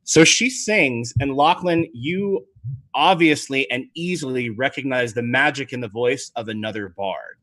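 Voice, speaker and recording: A man running a tabletop game livestream as game master, narrating in an animated, chatty way. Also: mid-range voice, measured pace.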